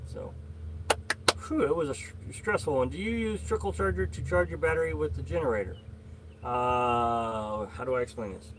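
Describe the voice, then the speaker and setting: A man's voice: medium pitch, moderate pace, slight background noise. A middle-aged man hosting a casual live stream, rambling with many fillers and greeting viewers by name as he reads their comments. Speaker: livestream host.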